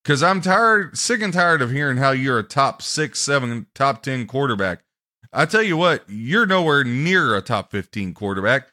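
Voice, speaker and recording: Bright-voiced ranting sports podcast host. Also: male voice, medium pitch, animated, normal speed. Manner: loud, ranting, mocking sports commentary.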